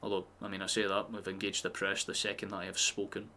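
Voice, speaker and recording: A man's voice: deep voice, completely flat delivery, fast talker, pushed and bright, a little hiss or hum. A man streaming a live football watchalong, chatting casually and swearing freely as he reacts to the match.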